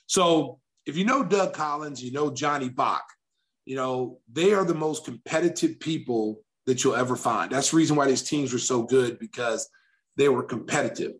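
A middle-aged man from Oklahoma telling a long anecdote in a casual interview, acting out the quotes with animated flair. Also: mid-range voice, moderate pace. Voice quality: animated storyteller who acts out quotes. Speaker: guest, former basketball player.

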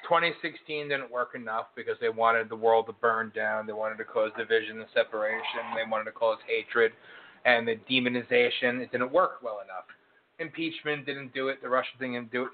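A man's voice: medium pitch, flat delivery, a little fast, slight background noise. A man co-hosting a political chat, ranting in emphatic lists. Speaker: co-host. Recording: phone-like narrow sound.

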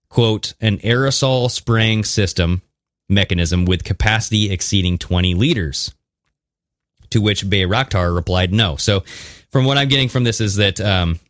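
A man with a lowish voice co-hosts a podcast, talking in a lively, conspiratorial way and cutting in with jokes as he reads from articles. He is recorded close and dry, with no room sound. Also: dry recording. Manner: animated, conspiratorial, mixes reading with jokes. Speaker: podcast co-host. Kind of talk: casual chat.

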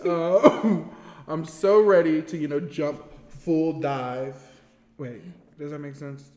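A man's voice: fairly high pitch, fairly even intonation, takes it slowly. A young man co-hosting a podcast in casual chat, teasing and laughing constantly. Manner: teasing, laughs constantly, swoops up into loud squeals. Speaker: podcast co-host.

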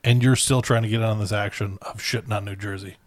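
A man co-hosting a casual movie-review podcast, wry and deadpan, acting out silly little bits. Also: fairly low pitch, fast, dry recording. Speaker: podcast co-host.

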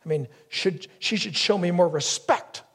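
A man preaching a sermon with a gravelly, slightly husky voice pitched a little high. He tells stories from his own life, dropping into other voices now and then. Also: normal speed. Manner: storytelling, acts out wife's lines and crow caws. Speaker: pastor.

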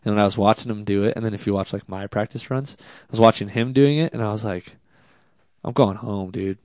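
A man, a drift driver, telling a casual story in an interview, animated and self-deprecating, with many fillers. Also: lowish voice, quick pace, no echo.

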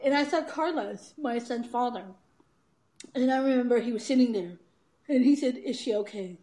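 A woman's voice: fairly high pitch, normal speed, warm tone, poor audio. A woman guest telling a candid personal story in an interview, laughing often and acting out what others said. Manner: candid, laughs often, acts out quoted voices. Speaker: guest, author and speaker.

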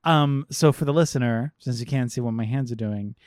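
A man's voice: mid-range voice, a little fast, a little mellow, no echo, clean studio sound. A man co-hosting a podcast, ranting sarcastically and profanely about a film in casual chat. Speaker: podcast co-host.

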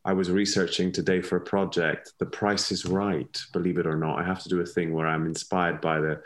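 A man's voice: sits low, flat delivery, fairly quick. A man from Italy with a mixed Italian and British-tinged English accent, talking casually as a podcast guest. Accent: Italian with British and Canadian English. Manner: chatty, laughs often, repeats words when starting. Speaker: guest, former ballet dancer.

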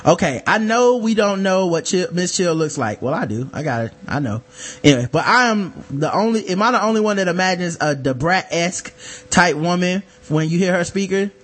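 A man with a high-pitched voice co-hosts a casual podcast. He talks loose and profane, reads listener mail aloud, and acts out the voices of the people he quotes. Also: animated, fairly quick, fairly bright tone. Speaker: podcast co-host. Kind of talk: casual chat.

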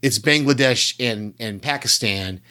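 A man's voice: medium pitch, a little slow, sharp tone. An American man co-hosting a podcast, chatting casually about a show he watched and rambling through restarts and hedges. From United States. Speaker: podcast co-host. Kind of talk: casual chat reviewing a show.

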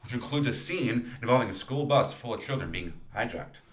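Man, podcast co-host, casual rambling banter, swearing, lively, echoey room. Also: mid-range voice, a little fast. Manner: swearing, rambling, laughs often.

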